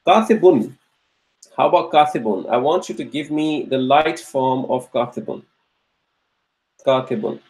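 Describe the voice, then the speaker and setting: With long pauses and an unhurried delivery, a man runs a live online grammar class in a medium-pitched, slightly mellow voice. He patiently repeats his questions, drilling students encouragingly and naming each one in praise as they answer. The recording is low quality.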